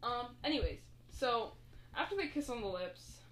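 A woman's voice: fairly high pitch, expressive, moderate pace, fairly bright tone. Young woman rambling through a story, roomy sound. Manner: rambling, filler-heavy storytelling with quoted voices. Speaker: podcast co-host recapping a movie. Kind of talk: casual chat. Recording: roomy echo.

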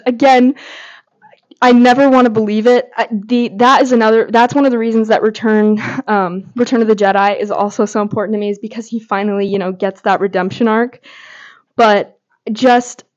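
Gushing woman fan, dull lo-fi audio. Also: a little high. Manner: gushing, heavy filler words. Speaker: podcast host. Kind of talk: casual fan commentary.

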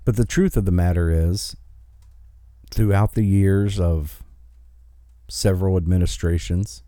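A man's voice: sits low, measured pace, warm tone, dry recording, studio quality. Angry ranting male podcast host. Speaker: commentary host. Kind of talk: opinion podcast monologue.

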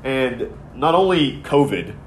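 A man's voice: medium pitch, sing-song, slow, a little hiss or hum. A man in his thirties co-hosting a podcast, telling a long, rambling, profane story in casual chat. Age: 30s. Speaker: podcast co-host.

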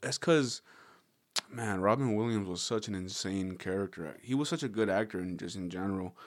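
A man's voice: on the low side, moderate pace, no echo. A young man hosting a podcast, rambling casually with jokes and swearing. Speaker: podcast host. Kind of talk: casual comedic podcast chat.

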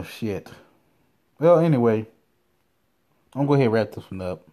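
A man's voice: on the low side, mellow. A young man hosting a podcast from his car, telling crude, profane stories in a loose, rambling way. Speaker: podcast host. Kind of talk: casual profane storytelling.

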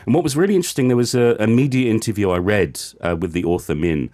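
A man's voice: lowish voice, fast, a little mellow. Earnest man talking books. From United Kingdom. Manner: enthusiastic, earnest, with fillers. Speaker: podcast host reviewing a book. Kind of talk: casual book chat. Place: lives in Korea.

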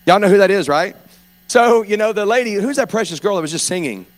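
Preacher guy, kinda high voice, rambles then gets all fired up. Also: moderate pace. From North Louisiana. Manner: animated, rambling, rising to preaching fervor. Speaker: pastor and hospice chaplain. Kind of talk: sermon.

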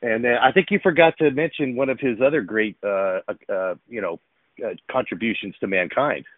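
Speaking at a normal speed in a mid-range voice, this podcast co-host, a former professional baseball player, rambles through casual chat, stumbling over fillers and restarts. The recording is dry and sounds narrow, like a phone.

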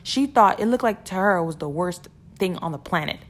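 A woman's voice: fairly low pitch, animated, a little fast. Earnest chatty woman giving a pep talk. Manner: earnest, repeats words, laughs between points. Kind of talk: casual motivational talk.

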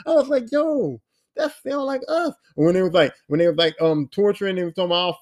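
A man with a notably high speaking voice holds forth on a solo podcast. His talk is slangy and profane, and he hammers his points home by repeating them. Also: sing-song, fairly quick. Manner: profane, emphatic, repeats himself for emphasis. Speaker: podcast host. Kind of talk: casual solo podcast rant.

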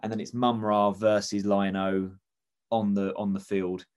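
A man's voice: on the low side, flat delivery, measured pace, smooth. A man chatting casually, rambling enthusiastically with many restarts. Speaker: podcast co-host. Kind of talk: casual comedic chat.

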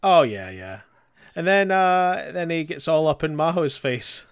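A man's voice: on the high side, lively intonation, clean tone, no room sound, studio quality. A man, co-hosting a podcast, chatting wryly about a show and swearing casually. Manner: chatty and wry, swears, quick agreeing asides. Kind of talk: casual chat recapping a show.

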